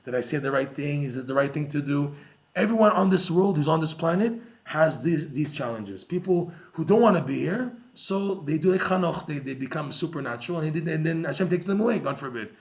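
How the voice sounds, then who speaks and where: A man giving a lively Torah class to a live audience, joking and using Hebrew terms. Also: fairly high pitch, brisk. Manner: animated, jokey, uses Hebrew terms. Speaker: Torah teacher.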